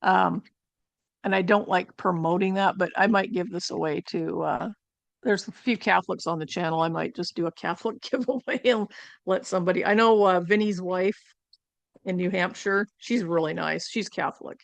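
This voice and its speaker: A woman's voice: lowish voice, moderate pace, gravelly, dry recording. A woman at home chatting through a casual product haul review for her channel, rambling with fillers and asides. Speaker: channel host.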